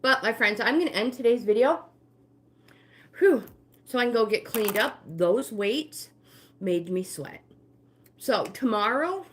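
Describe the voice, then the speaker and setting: Slow-talking older woman leading a workout. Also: fairly high pitch, animated. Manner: friendly coaching, greets viewers by name. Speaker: fitness instructor and livestream host. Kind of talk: live-streamed walking workout.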